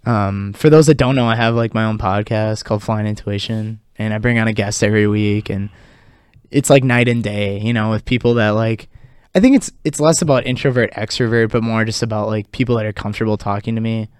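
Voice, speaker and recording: A man's voice: on the low side, a little fast, clean tone, dry recording. Young male co-host, easygoing, filler-heavy, dry studio sound. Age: young adult. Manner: relaxed, filler-heavy, laughs often. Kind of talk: casual chat. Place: college radio studio.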